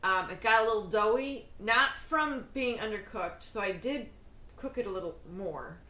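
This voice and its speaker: A woman's voice: mid-range voice, expressive, moderate pace, sharp tone, roomy sound, rough recording. A woman hosting her own cooking show, chatting casually in a bubbly, self-deprecating way with lots of fillers. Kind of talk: casual cooking vlog chat.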